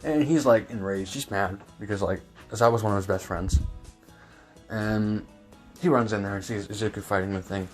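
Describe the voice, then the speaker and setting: A man's voice: on the low side, moderate pace, soft background music. A man improvising a fan-fiction story, rambling with many fillers and self-corrections.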